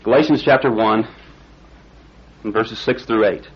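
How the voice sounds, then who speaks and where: This preacher's voice is lowish and a bit breathy, his pace a little slow, over dull-sounding audio. He shares a homespun illustration in his sermon, his excitement climbing at the story's peak, then turns to scripture.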